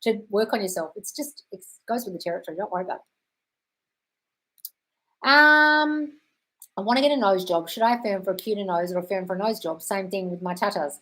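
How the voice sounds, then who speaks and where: A woman with an Australian accent hosts a casual live-stream Q&A, speaking quickly in a mid-range, somewhat dark voice. She reads viewer comments aloud and answers them chattily, swearing freely and calling people darling.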